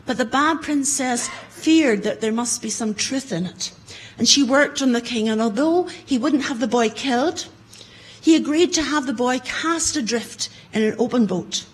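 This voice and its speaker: Dramatic woman storyteller, high voice. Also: moderate pace, husky, rough recording. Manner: dramatic, rising loud in battle scenes. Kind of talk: oral folktale storytelling. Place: conference room before an audience.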